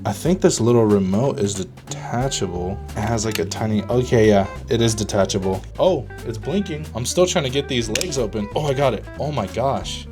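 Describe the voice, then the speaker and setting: A young man vlogging casually as he unboxes and tests budget gear, chatty and excitable, with plenty of fillers. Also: mid-range voice.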